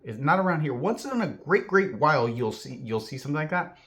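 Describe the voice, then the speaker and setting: A man's voice: on the high side, brisk. A man from Southern California telling a personal story in a rambling vlog, heavy on fillers and acting out the voices of the people in it. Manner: filler-heavy, animated, acts out quoted voices. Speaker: vlogger.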